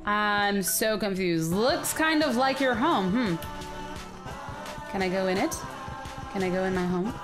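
A woman hosting a let's play, chatting excitedly and often sounding confused as she plays. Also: medium pitch, slow pace, long pauses, music in the background. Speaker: gaming video host.

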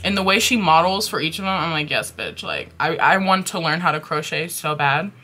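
A young woman vlogging in a casual, excitable chat, often calling her viewers y'all and swearing freely. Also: low voice, brisk.

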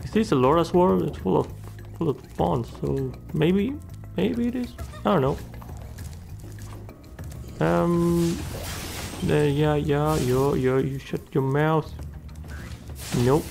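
A man's voice: fairly high pitch, takes it slowly, gravelly, pauses often, a little mellow, faint music behind. A man giving casual gameplay commentary, muttering, swearing and talking back to the characters on screen. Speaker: let's play gamer.

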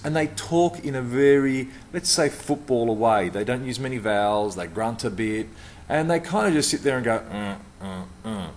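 A man's voice: medium pitch, a little hiss or hum. A middle-aged man giving a punchy, emphatic talk to camera about customer service, repeating words for stress.

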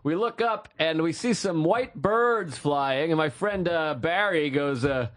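A man co-hosting a comedy podcast, telling a story in a casual, profane way and breaking into shouts. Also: fairly high pitch, unhurried, few pauses. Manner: animated, profane, bursts into shouting.

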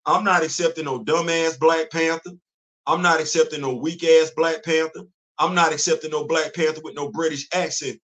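A man's voice: a little high, fairly even intonation, normal speed, a bit bright. Emphatic man in his fifties. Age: 50s. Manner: emphatic, preachy, repeats phrases, laughs often. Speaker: livestream host. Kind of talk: casual livestream commentary. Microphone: computer mic on a streaming setup.

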